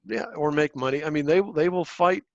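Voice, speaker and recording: A man's voice: fairly high pitch, brisk, creaky, no room sound. Blunt man on a dull, dry line. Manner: blunt, swears casually, restarts often. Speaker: podcast co-host. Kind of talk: casual political chat.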